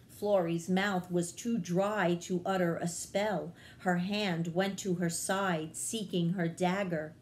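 Children's librarian, female, storybook read-aloud; calm, low, very slow delivery. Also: slight background noise.

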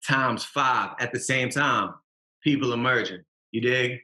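A man's voice: mid-range voice, unhurried, bright, forceful tone, reverberant. A young man, a rapper talking in a casual podcast interview, emphatic and slangy, hammering his points home. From Massachusetts. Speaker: rapper guest.

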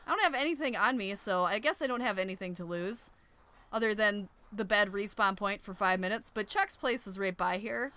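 A young female gaming YouTuber does let's play commentary on her survival game run, shrieking in panic when danger strikes and chatting casually in the calmer moments. Her mid-range voice is pushed and bright, and she talks a little fast.

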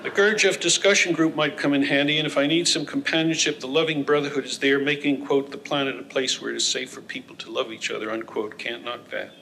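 A man reading a humorous personal essay aloud in a wry, deadpan manner. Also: a little high, fast talker, vocal fry, few pauses, a little hiss or hum, low-quality recording.

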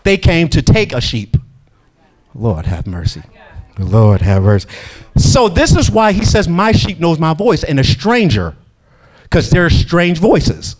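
A man preaching a sermon in an animated way, acting out quotes and laughing between lines. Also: high voice, measured pace.

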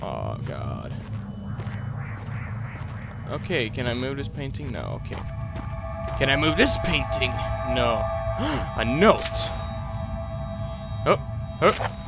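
A man's voice: medium pitch, sing-song, slow pace, gravelly, pauses often. A young man commenting to himself while playing a horror game, joking and swearing between jumpy moments. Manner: talks to himself, swears, jokes, screams at scares. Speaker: gameplay commentator. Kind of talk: horror let's play commentary. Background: game music.

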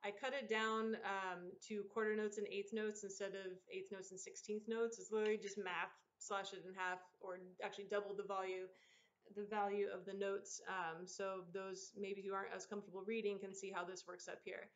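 A woman teaching an online drum lesson, explaining patterns in a relaxed, encouraging way and counting aloud. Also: mid-range voice, moderate pace. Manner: counts aloud and vocalizes rhythms over drumming. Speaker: percussion teacher. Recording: dull lo-fi sound with loud drumming behind. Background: loud percussion.

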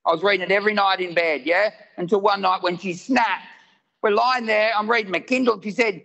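A high-pitched man in middle age, performing stand-up with a gravelly edge and a bright, sharp tone. He tells his stories in an animated way and shouts his punchlines. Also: fairly quick. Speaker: stand-up comedian. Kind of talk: stand-up comedy set. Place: live venue with audience.

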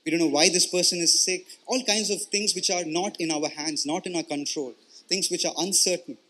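A man preaching a sermon in an earnest, conversational way. His voice sits somewhat high and sounds bright and forward. He keeps checking in with his listeners and often repeats words as he explains. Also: fairly quick. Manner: earnest, explanatory, with frequent "you know" and "right?" check-ins and repeated words. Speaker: pastor.

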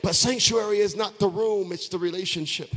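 Brief: male pastor, impassioned sung-and-shouted sermon, high bright voice, slow delivery in a reverberant church. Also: steady tone. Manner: impassioned, half-sung preaching that swings from shouts to low asides.

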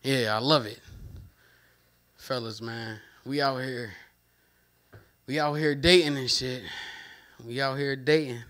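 A man's voice: fairly high pitch, pushed and bright. A man doing a stand-up comedy set, talking in loose slang, repeating lines and trailing off.

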